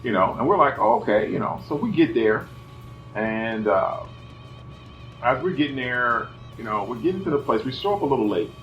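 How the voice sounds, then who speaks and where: Man, middle-aged, casual anecdote, dull recording, soft music behind. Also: medium pitch, normal speed. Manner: animated, acts out voices, many "you know" fillers. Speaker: son telling family stories. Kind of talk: casual family storytelling. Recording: roomy, slightly dull, faint music behind.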